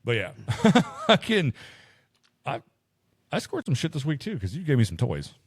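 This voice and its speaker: Animated swearing man telling stories. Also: medium pitch, unhurried, slightly rough, dry recording, studio quality. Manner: profane storyteller, acts out quotes. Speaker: podcast co-host. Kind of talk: casual chat.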